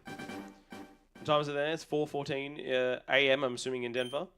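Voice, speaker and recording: A man's voice: mid-range voice, level tone, normal speed, fairly bright tone, faint music behind. A young Australian man chatting casually on a live stream, rambling and a bit tired, with some yawning. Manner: rambling, chatty, talks to chat while resetting a game.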